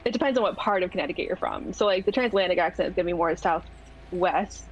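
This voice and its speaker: A woman's voice: lowish voice, fast, dull audio, faint music behind. A woman playing in a tabletop game, chatting casually and explaining things at length. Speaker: player.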